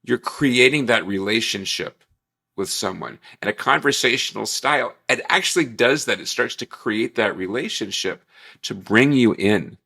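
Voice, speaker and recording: A man's voice: mid-range voice, animated, moderate pace, gravelly, bright, forceful tone, husky. A man giving a recorded morning training talk as a workplace trainer, upbeat and chatty with jokey asides, in an untreated room with glass walls and a marble floor.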